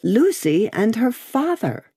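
Expressive woman audiobook narrator. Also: on the high side, takes it slowly, husky, no room sound. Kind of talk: scripted narration.

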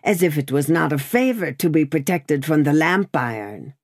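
A reader voicing a gruff, scowling armed male revolutionary who growls his hostile lines. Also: mid-range voice, lively intonation, normal speed, no echo, clean studio sound.

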